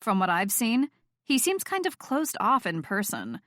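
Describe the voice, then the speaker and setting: A woman narrator voicing a thoughtful, hesitant young woman friend who speaks in a hushed way, in an audiobook. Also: fairly high pitch, huge pitch swings, unhurried, dry recording, clean studio sound, exaggerated voice.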